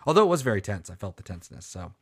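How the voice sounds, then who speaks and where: Rambling, swearing man with a low voice. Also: sing-song, very fast, creaky, slightly rough, no room sound, studio quality. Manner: rambling, joking, swears freely. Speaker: podcast co-host. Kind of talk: casual chat.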